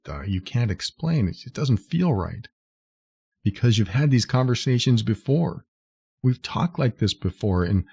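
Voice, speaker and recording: On his solo advice podcast, a man with a fairly low, dark voice explains things patiently one step at a time. He speaks earnestly and now and then performs lines someone might say. The recording has no room echo and a lo-fi quality.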